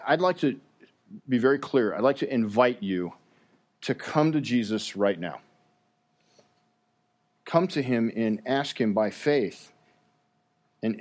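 A man's voice: medium pitch, darkish tone. Guy preaching a sermon, earnest, stumbles and repeats words a lot.

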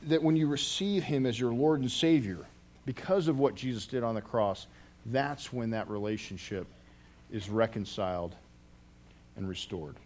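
A man's voice: mid-range voice, moderate pace, a little mellow. A man preaching a sermon as a pastor, telling a story earnestly and often restarting his phrases.

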